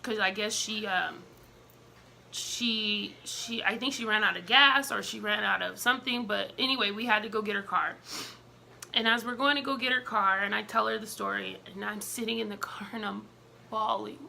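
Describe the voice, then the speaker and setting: A woman's voice: mid-range voice, normal speed, gravelly, pushed and bright, slight background noise. A young woman telling a personal story in a casual storytime vlog, candid and emotional, with many fillers.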